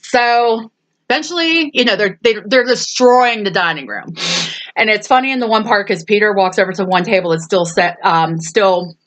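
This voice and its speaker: Chatting casually about a film, a woman retells scenes, laughs often, and acts out the lines she quotes. She has a mid-range, slightly bright voice at a moderate pace.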